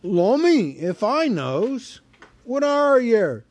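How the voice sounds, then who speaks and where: A man voicing a big, brutish, slow-witted male troll who talks in coarse rough slang. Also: extremely high pitch, very animated, darkish tone, no echo, voice pushed up, exaggerated voice. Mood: gruff.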